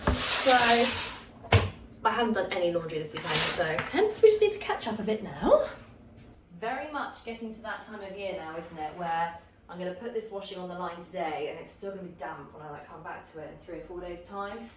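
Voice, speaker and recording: A woman's voice: lowish voice, expressive, a little fast. A young woman chatting casually to camera at home in an upbeat way, with many fillers. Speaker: vlogger. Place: home, indoors. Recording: camera mic from a distance, faint ambient noise.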